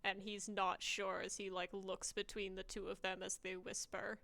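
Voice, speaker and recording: A woman playing in a tabletop game, describing her character's actions in an unhurried way. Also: mid-range voice, monotone, vocal fry, bright, forceful tone. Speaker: player.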